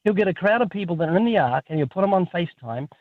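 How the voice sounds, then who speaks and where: A man with a New Zealand accent, a guest author telling lively, joking stories in a radio interview over the phone. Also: high-pitched, rapid-fire, no echo. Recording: tinny phone line.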